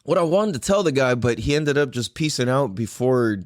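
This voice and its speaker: A man's voice: medium pitch, animated, fairly quick, no room sound, clean studio sound. A man hosting a podcast, telling a story in a casual, rambling way full of "like"s. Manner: rambling, lots of fillers and "like"s. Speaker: podcast host.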